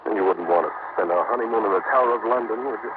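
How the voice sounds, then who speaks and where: An actor playing a suave detective and narrator in a 1940s radio drama, speaking in an urbane, wry, confident way. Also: male voice, on the low side, racing, background noise, close to an everyday voice. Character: suave American detective husband. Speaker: narrator and lead. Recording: tinny old radio broadcast.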